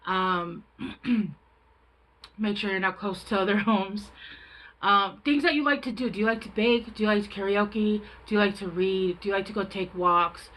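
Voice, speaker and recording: A woman with a medium-pitched, steady, slightly bright voice talks at a moderate pace, though the audio is poor. She's giving a casual tarot reading, frank and chatty, rambling along and often cutting herself off to restart her sentences.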